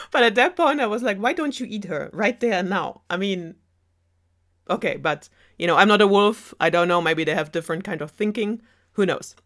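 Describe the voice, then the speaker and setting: A woman's voice: mid-range voice, fairly bright tone. A German woman telling a fairy tale sarcastically with a German accent, chatty and full of rambling asides. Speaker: storyteller host.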